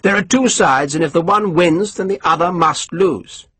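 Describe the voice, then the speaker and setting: A man voicing a suave, scheming English colonel who lectures his servant in a smooth, condescending way, in an audiobook. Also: sits high, moderate pace, a bit bright, a little hiss or hum, pitched above the performer's own voice.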